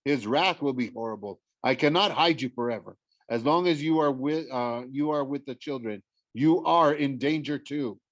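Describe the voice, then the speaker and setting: A man's voice: medium pitch, moderate pace, dry recording, natural voice. Agitated god pleading, urgent, man does the read.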